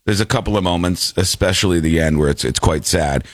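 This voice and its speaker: A man's voice: brisk, dry recording, studio quality. A male show host talking in a playful, jokey way, with a stuffy, congested voice. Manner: playful, jokey, swings pitch widely. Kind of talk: casual comedic show banter.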